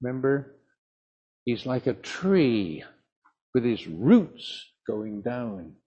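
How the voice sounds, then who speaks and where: An older man preaches slowly and emphatically, his husky voice rising and falling with animated pitch. The recording is dull and lo-fi, like an old sermon tape. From south of England. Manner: slow, emphatic, storytelling preaching.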